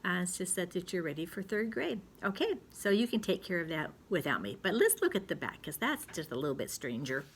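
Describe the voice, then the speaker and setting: A middle-aged woman teaching a recorded spelling lesson to second graders, chatting slowly and gently with many pauses and fillers. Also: on the low side, big pitch swings, a little hiss or hum.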